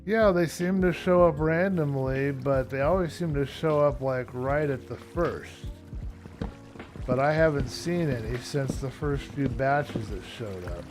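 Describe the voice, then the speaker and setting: A man chatting casually while streaming a game, low-key and rambling, tired and yawning often. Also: unhurried, a little mellow. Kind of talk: casual live-stream chat while playing. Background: background music.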